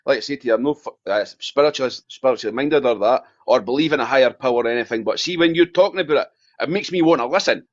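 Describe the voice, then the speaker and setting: A man's voice: medium pitch, fast, lo-fi sound. A man, a guest on a live podcast, telling stories with lots of laughing and swearing. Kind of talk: casual live podcast chat.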